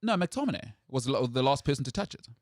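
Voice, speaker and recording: A man's voice: fast, dry recording, studio quality. A man hosting a sports talk show, holding forth with strong opinions in casual chat. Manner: animated, jumps high in pitch when outraged.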